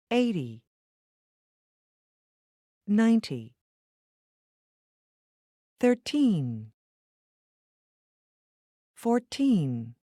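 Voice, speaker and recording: A woman reading a practice list of numbers deliberately, one word at a time. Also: fairly low pitch, dark tone, dry recording, studio quality. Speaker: course reader.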